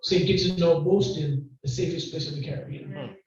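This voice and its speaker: A man with a Grenadian accent preaching a lively sermon and joking back and forth with the congregation. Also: fairly high pitch, moderate pace. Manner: loud, call-and-response, joking with the congregation. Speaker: guest preacher. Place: church hall. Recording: distant, echoey and muffled hall recording.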